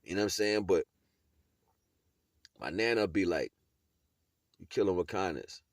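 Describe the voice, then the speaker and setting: A man's voice: sits low, a little slow, dry recording, studio quality. A man giving a casual motivational monologue in street slang, laughing often and checking in with his listener as he talks. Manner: street slang, keeps asking "you know what I'm saying"; laughs often while talking. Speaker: video blogger.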